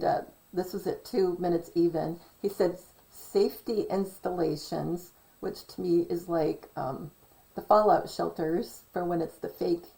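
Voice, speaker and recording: Woman vlogger, slow and gravelly, digressive, keeps correcting herself mid-thought. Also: on the low side, darkish tone, rough recording. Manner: self-correcting, digressive, reads from notes. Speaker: conspiracy vlogger. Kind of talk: casual rambling commentary.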